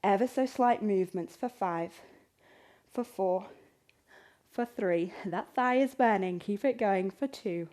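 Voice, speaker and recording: This yoga instructor has a medium-pitched, darkish voice and an unhurried delivery. She encourages the class as she calls poses, breaths and counts, counting reps aloud, and is out of breath at moments.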